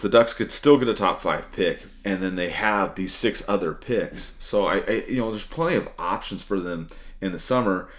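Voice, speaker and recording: A man's voice: fairly low pitch, fairly bright tone. A man co-hosting a sports podcast, thinking aloud with many fillers and restarts and some dry sarcasm. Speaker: podcast co-host. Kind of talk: casual sports talk.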